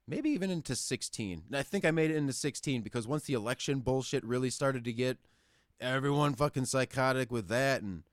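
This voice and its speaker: A man in his thirties rants freely as host of a call-in show, swearing through nearly every sentence. His voice sits at an ordinary middle pitch, close and dry with no room sound behind it. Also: no room sound. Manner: profane, ranting, animated. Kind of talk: casual rant. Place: lives in the Upper Midwest.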